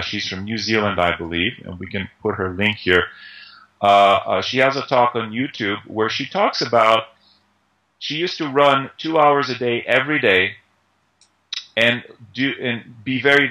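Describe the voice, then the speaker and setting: A man's voice: lowish voice, sharp tone, poor audio. A man being interviewed as an Ayurveda instructor, explaining diet ideas conversationally with everyday analogies and frequent fillers.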